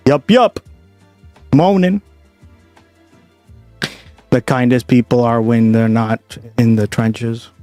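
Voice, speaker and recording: A man's voice: medium pitch, extremely slow, pauses often, a little mellow, no room sound, faint music behind. A man hosting a livestream, chatting casually and profanely with his viewers. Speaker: livestream host. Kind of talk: casual stream chat.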